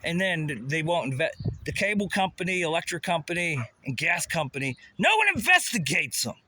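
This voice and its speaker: A man's voice: a little high, very animated, normal speed, sharp tone. A man ranting in an agitated, rambling way, swearing often. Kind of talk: angry rant. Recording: noisy background.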